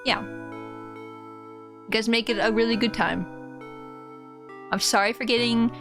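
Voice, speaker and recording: Speaking slowly in a fairly high voice with fairly even intonation, the streamer addresses her viewers directly in a relaxed, emotionally open live chat. Game music is faintly audible behind her.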